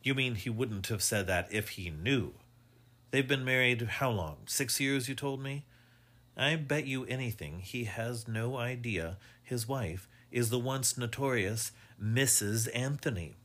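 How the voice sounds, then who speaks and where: A man voicing an older retired police inspector, precise and insistent, in a husky voice. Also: mid-range voice, unhurried, fairly bright tone, voice pushed up. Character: retired male police inspector, older, dogged and sure of himself.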